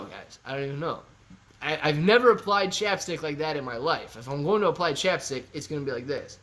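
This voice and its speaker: A man's voice: high-pitched, fairly bright tone. A man hosting a casual live stream, reading viewer comments and bantering playfully with them. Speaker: livestream host reading chat.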